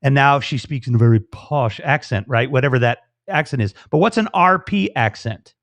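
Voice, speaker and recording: A man's voice: mid-range voice, normal speed, a bit bright, no room sound. A man hosting a live online interview, enthusiastic and rambling, joking with his guest. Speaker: host. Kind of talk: casual live interview chat. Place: video call.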